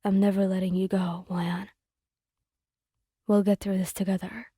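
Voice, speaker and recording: A woman voicing a gruff but tender injured young man in a soft, hushed whispered role-play. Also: medium pitch, flat delivery, slow, dry recording, studio quality, pitched below the performer's own voice. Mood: strained, tender.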